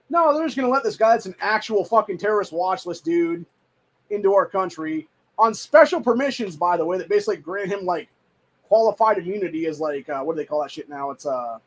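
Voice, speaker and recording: A man's voice: high voice, rough recording. A man hosting a show, ranting in a heated, profane, rambling way and saying "dude" often. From United States. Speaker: show host. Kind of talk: casual political rant.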